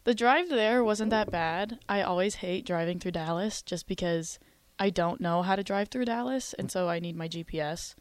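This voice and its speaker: Young female co-host, light Texas twang, chatty, lower register, dry mic. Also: normal speed, no echo. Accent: light Southern Texas twang. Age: young adult. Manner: chatty, laughs often. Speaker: radio show co-host. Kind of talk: casual radio chat. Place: radio studio. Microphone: studio microphone.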